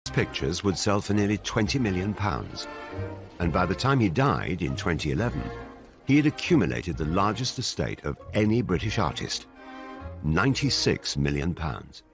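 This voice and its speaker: A man narrating a documentary in a measured, dramatic scripted delivery. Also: low voice, big pitch swings. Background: music.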